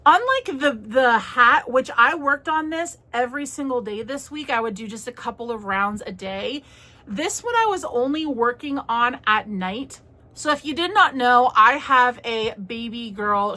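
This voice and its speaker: A young woman talks in a chatty, rambling way as she hosts her crochet vlog. Her voice is bright and sits a little high, with a crisp edge. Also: measured pace. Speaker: crochet vlogger. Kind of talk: casual chat.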